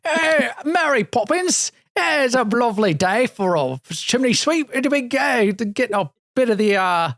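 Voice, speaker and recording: A man voicing a cheery cockney chimney sweep in a deliberately bad, exaggerated mock Cockney accent. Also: very high-pitched, very animated, gravelly, a bit bright, dry recording, studio quality, pitched above the performer's own voice, heavily acted. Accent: exaggerated mock Cockney English. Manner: hammy, sing-song, deliberately bad impression. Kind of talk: podcast voice impression.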